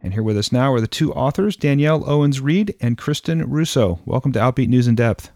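A man's voice: mid-range voice, brisk, mellow, no room sound. Dry-sounding male news host. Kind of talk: radio news presenting.

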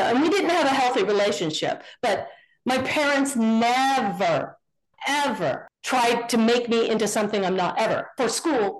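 Animated woman telling family stories. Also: on the high side, poor audio. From Northern California. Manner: animated storyteller, acts out quoted dialogue. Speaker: guest, contractor. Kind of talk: casual storytelling interview.

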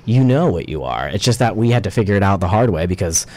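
A man's voice: sits low, sing-song, fast talker, warm tone. A man in casual conversation, rambling and full of "you know".

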